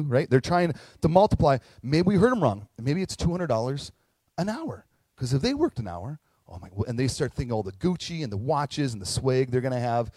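A man preaching a sermon, telling a story in an animated, conversational way with frequent asides. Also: medium pitch, brisk, no echo, low-quality recording. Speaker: pastor.

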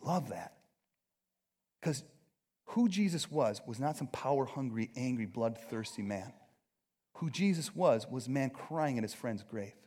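A man preaching a conversational sermon, animated, acting out quotes and often checking in with his listeners. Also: medium pitch, unhurried, pauses often. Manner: animated, acts out quotes, keeps asking "right?". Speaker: pastor.

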